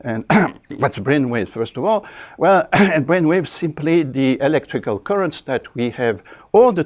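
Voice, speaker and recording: An older man with a French accent, a linguistics professor giving a university video lecture, speaking haltingly with many fillers and frequent throat clearing. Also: mid-range voice, a little mellow. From France.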